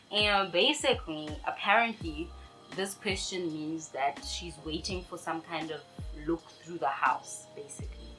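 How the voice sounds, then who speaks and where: A young woman vlogger from South Africa, talking straight to her viewers in a sassy, playful way. Her voice sits on the low side for a woman. Soft music plays faintly under her. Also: a little slow, poor audio. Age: young adult. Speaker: vlogger answering viewer questions. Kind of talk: casual chat.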